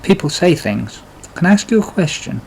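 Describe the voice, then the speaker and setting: A man reading the lines of a timid, tearful young girl, with gentle, hesitant questions. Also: a little high, big pitch swings, normal speed, creaky, a little hiss or hum, voice pushed up, rough recording.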